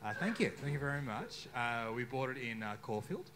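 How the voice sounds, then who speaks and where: A man's voice: medium pitch, lively intonation, a little fast, very noisy. Young Australian man doing stand-up. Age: young adult. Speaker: stand-up comedian. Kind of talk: stand-up comedy set. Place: bar stage before a live crowd.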